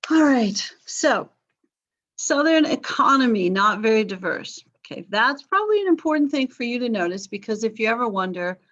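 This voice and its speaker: A woman's voice: on the high side, sing-song, moderate pace, fairly bright tone, muffled recording. Chatty middle-aged woman teaching history. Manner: chatty, informal, with asides and fillers. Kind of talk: online class lecture. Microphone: video call.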